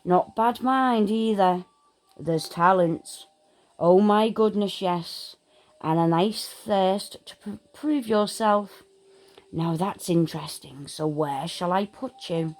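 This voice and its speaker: A woman voicing an old talking magic hat in a storybook reading, speaking in a slow, drawn-out, musing way. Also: on the low side.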